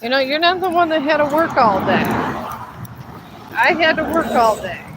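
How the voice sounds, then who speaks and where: A woman's voice: sits high, lively intonation, normal speed, noisy background. A woman livestreaming her dog walk, tired and grumbling as she coaxes her dog up the hills. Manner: weary, grumbling, coaxing her dog along. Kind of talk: casual live vlog. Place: outdoors on a hilly street walk.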